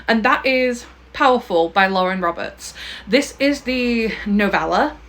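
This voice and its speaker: A woman's voice: on the high side, lively intonation, measured pace, a bit bright. A young woman talking casually to camera about her favourite books, gushing and emphatic, often ending a point with a pointed "okay?". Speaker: book vlogger.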